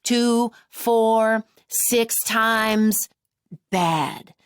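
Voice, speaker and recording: A middle-aged woman hosting a podcast, telling a self-mocking story in a casual, animated way and acting out what people said. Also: on the high side, drawn-out words, clean tone. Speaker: podcast host.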